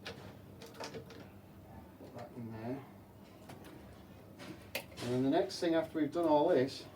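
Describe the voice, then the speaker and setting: Cleaning a school's fish tank, a male aquarium technician chats playfully with the kids, asking them rhetorical questions as he goes. He sounds on the high side with a dark tone, and the mic is a bit distant, with a faint hum.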